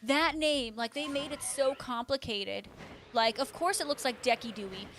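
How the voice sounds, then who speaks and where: A woman's voice: high-pitched, moderate pace, fairly bright tone, soft background music. A woman hosting a live stream, chatting casually with viewers, laughing often and answering them by name. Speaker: livestream host.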